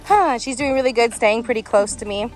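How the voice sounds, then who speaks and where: A young woman dog trainer talking casually into her phone outdoors while walking, breaking into high sing-song praise for her dog. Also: fairly quick, soft background music. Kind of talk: casual vlog narration. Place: outdoors on a quiet street and bike path. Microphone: phone held in hand while walking.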